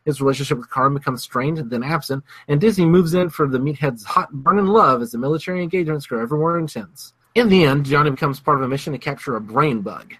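A man's voice: on the high side, fast talker, hardly any pauses, a bit bright, slightly rough, no room sound. A man co-hosting a casual film review podcast, summing up a plot in a wry, sarcastic way. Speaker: podcast co-host.

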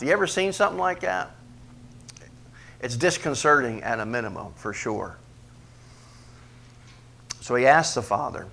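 A man preaching a sermon as pastor, questioning the congregation and swinging from quiet asides to emphatic, loud peaks. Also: moderate pace, gravelly, pauses often. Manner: preaches with big swings in pitch and loudness, rising to emphatic peaks; asks the congregation questions directly.

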